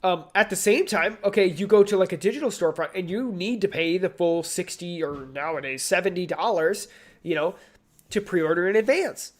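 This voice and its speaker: A man's voice: high voice, moderate pace. A man co-hosting a casual live gaming chat, rambling with many fillers and restarts. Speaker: co-host.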